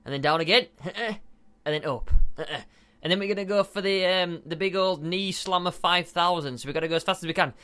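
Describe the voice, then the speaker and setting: A man's voice: high voice, fast, pushed and bright, smooth. A young man giving bubbly, chatty gameplay commentary as a video game host, often giggling and using fillers.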